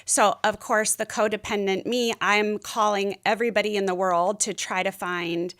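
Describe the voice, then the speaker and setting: A woman's voice: medium pitch, fairly even intonation, moderate pace, a bit bright. Candid middle-aged woman telling her story. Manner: candid, rambling storyteller with frequent fillers. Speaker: podcast guest. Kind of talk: casual interview chat.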